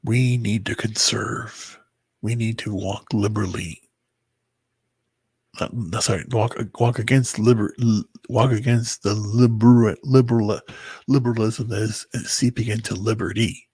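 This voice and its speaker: A very tired man talking to his viewers in a halting personal monologue, often stumbling and restarting his words. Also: lowish voice, fairly even intonation, a little mellow, husky, no room sound. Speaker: vlogger. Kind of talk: rambling personal monologue to camera.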